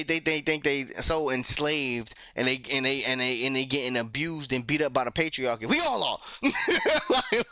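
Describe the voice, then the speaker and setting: A man's voice: a little high, sharp tone, dry recording, clean studio sound. A man hosting a reaction video, talking casually and profanely and laughing often.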